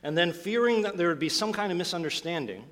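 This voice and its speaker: A man delivers a sermon from the pulpit in a slightly high voice. He is emphatic and earnest, restarting phrases and pressing rhetorical questions on his listeners. His voice rings out with a long reverb through a church sanctuary. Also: lively intonation, fast talker, fairly bright tone. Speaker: pastor.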